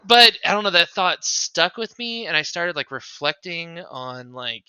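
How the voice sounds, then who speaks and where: A man's voice: a little high, lively intonation, a little slow, bright, forceful tone, clean tone, no room sound. A man co-hosting a podcast in casual chat, rambling with lots of fillers. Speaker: podcast co-host.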